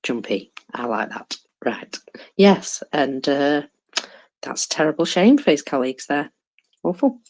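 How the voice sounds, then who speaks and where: A woman's voice: low-pitched, animated, unhurried, darkish tone. A woman hosting a casual online audio chat, chatty and searching for words. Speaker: host.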